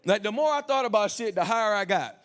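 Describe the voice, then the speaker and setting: High voiced guy doing crude standup on a club stage, handheld mic, animated. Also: fast talker. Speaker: stand-up comedian. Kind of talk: stand-up comedy set.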